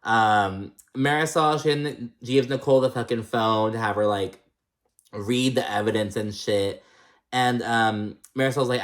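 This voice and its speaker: A man's voice: medium pitch, a little slow. Profane, chatty young man recapping TV. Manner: profane, chatty, laughs often, acts out quotes. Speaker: reality TV recap vlogger. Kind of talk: casual recap chat.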